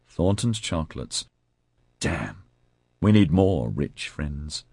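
A man's voice: extremely low pitch, very animated, takes it slowly, darkish tone, breathy edge, no echo, exaggerated voice. A man voicing a wry, affectionate woman who speaks in a dry drawl.

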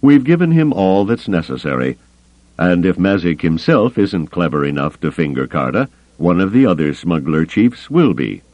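Calm icy alien admiral, a guy reading him, dry and measured, deep voice that still moves around a lot. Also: no echo, dull audio. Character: cold, calculating alien male admiral.

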